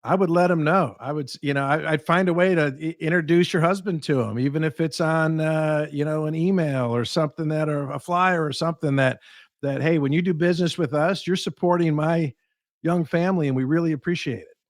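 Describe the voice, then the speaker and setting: A man with a slightly higher voice tells sales stories in a podcast chat. He jumps into quoted voices of customers and clients as he goes. The sound is dry and close. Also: fairly quick, no echo. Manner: animated storyteller acting out quoted voices. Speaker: guest speaker and sales trainer. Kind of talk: podcast conversation, storytelling advice.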